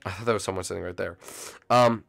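A man's voice: low voice, quick pace, gravelly, faint music behind. A man hosting a gameplay channel, chatting casually to viewers and yelping at game moments. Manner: excitable, yelps and shouts at game moments; chatty, talks to viewers as "folks".

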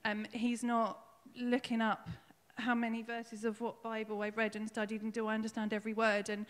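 A woman giving a personal testimony at her own baptism in church, emotional and tearful, halting with fillers as she speaks. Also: fairly high pitch, monotone. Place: church hall. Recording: long hall reverb.

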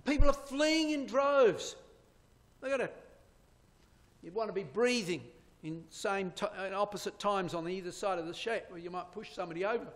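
Speaking fairly quickly in a fairly high voice, a man lecturing on Bible prophecy preaches emphatically, gesturing to his slides and firing rhetorical questions at listeners. His words ring out with the long, hall-filling reverb of what seems to be a church hall.

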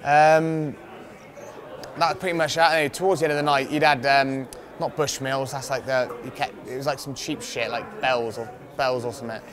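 A man's voice: medium pitch, steady tone, moderate pace. Young fighter guy rambling and cursing thru a story, crowd noise outside behind him. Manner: swears freely, rambling anecdotes, laughs often. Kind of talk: casual storytelling interview.

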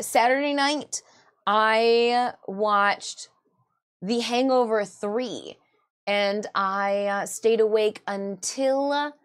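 A woman's voice: mid-range voice, smooth. A woman from Michigan, a cosplayer hosting her livestream, tells casual rambling stories, corrects herself often and acts out the dialogue she quotes. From Michigan, USA.

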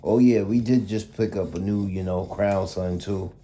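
A man's voice: low-pitched, steady tone, moderate pace, mellow, slight background noise. A man casually vlogging about his dog kennel, rambling and laid-back, talking to viewers with lots of y'all and man. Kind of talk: casual vlog. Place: indoors at home kennel.

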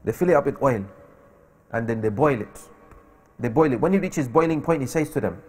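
A man's voice: mid-range voice, lively intonation, fairly quick, darkish tone. A man preaching a sermon in a mosque, telling a story and voicing its speakers, with emphatic rises. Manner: voices the story's speakers, rising to emphatic peaks.

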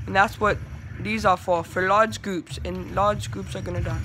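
High bright-voiced young gamer man. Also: moderate pace, a little hiss or hum. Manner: chatty, trash-talking, excitable bursts. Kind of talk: casual gaming commentary.

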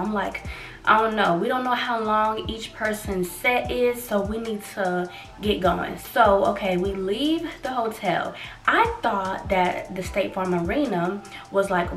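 A young woman tells a story to her viewers in an animated, chatty way and acts out every quote. She sits a little away from the mic in a roomy space. Soft music plays underneath. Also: on the high side, recorded from a distance. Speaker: vlogger. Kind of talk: casual storytelling vlog.

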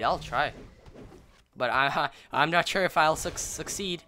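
Bright-voiced young man narrating gameplay. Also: fairly high pitch, a little slow, soft background music. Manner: rambling, apologetic, bursts into excited yelling. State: slightly sick, clearing throat. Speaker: gameplay commentator. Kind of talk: casual let's-play commentary.

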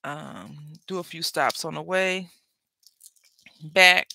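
A parent of school-age kids runs a papercraft session for their channel, chatting and rambling as they craft and frequently interrupting themself. Their medium-pitched voice is slow, gravelly, pushed and bright, recorded dry.

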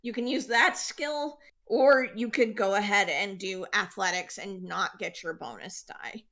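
A woman's voice: medium pitch, measured pace, bright, forceful tone. A woman serving as game master in a tabletop role-playing game, explaining rules and scenes in a loose, chatty way full of fillers.

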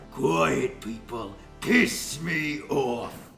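A man voicing an exhausted, menacing chess-piece king who talks in a slow, sneering, taunting way, recorded in an echoey room with noise behind. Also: medium pitch, animated, gravelly, fairly bright tone, faint music behind, heavily acted.

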